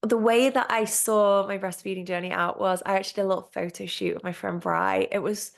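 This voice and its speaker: A woman hosting her own podcast, chatting through a casual solo monologue with a middle-pitched voice. She gushes openly and swears freely. Her speech is loose and chatty, full of "like" and "um". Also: steady tone, fairly quick, gravelly. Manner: candid, gushing and heavy on swearing; chatty with frequent "like" and "um" fillers. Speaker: podcast host.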